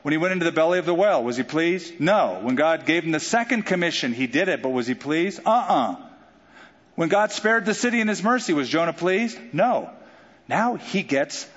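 A man preaching a sermon, animated and playful, with voice lifted somewhat high. His words carry a long hall reverb, and the recording sounds a little dull. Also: moderate pace. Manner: animated preaching with jokes and acted-out quotes. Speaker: pastor.

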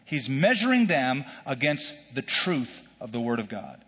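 A man preaching a verse-by-verse sermon, animated, repeating words as he goes and acting out the shouts in the story he tells. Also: medium pitch, unhurried, breathy edge. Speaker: pastor. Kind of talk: expository sermon with a told joke. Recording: dull, distant church hall sound.

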